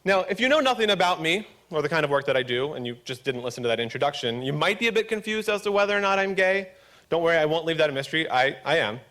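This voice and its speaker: A man from Pennsylvania with a gravelly voice, giving a public talk at a conference with wry, joking asides, at times a little mumbling. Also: on the high side, a bit bright. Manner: slightly mumbling when not projecting. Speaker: conference speaker.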